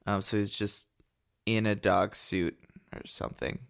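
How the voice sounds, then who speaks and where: A man's voice: on the low side, little pitch movement, unhurried, gravelly, clear, resonant tone. A man co-hosting a casual podcast, rambling and hesitant with lots of filler words. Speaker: podcast co-host. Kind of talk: casual chat.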